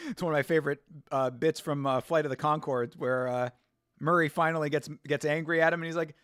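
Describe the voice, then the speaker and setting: A man hosting a casual live watch-along, talking in an animated, profane and sarcastic way and laughing often. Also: a little high, brisk, clear, resonant tone, no room sound, studio quality. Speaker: show host.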